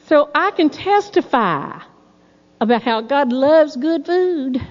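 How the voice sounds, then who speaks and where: A middle-aged woman preaching a sermon, telling folksy personal stories in a lively, storytelling way. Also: sits high, takes it slowly. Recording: dull sound in a reverberant hall.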